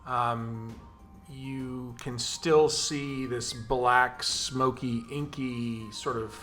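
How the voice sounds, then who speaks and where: A man's voice: medium pitch, a bit bright. Man narrating as game master. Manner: descriptive, unhurried storytelling.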